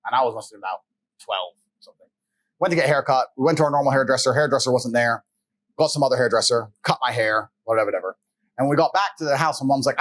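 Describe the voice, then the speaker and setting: Fast-talking man telling a blunt story. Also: mid-range voice. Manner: fast, animated, blunt and profane. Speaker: podcast guest. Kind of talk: conversational storytelling.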